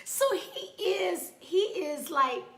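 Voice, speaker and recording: A woman hosting a talk show, telling stories in an animated, playful way and laughing often. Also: extremely high pitch, slow, roomy sound. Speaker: radio show host. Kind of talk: casual chat.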